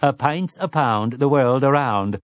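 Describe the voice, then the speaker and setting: A man's voice: mid-range voice, measured pace, no room sound, voice pushed up, natural voice. A man voicing a smug, complacent male robot who speaks with prim, precise diction.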